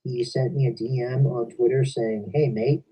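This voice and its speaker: Young male streamer, dark husky voice, sits back from the mic, rambles. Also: mid-range voice, level tone, normal speed, far from the mic, poor audio. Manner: rambling, talks at length about games. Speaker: stream host. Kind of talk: casual chat. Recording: voice from away from the mic.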